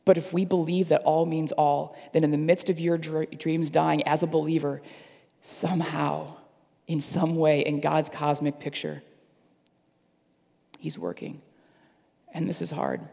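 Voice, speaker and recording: Pastor, male, higher-pitched with a gravelly edge, earnest sermon delivery, long reverb from a big hall. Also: little pitch movement, unhurried, pauses often, warm tone. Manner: earnest, repeats phrases for emphasis. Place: church service.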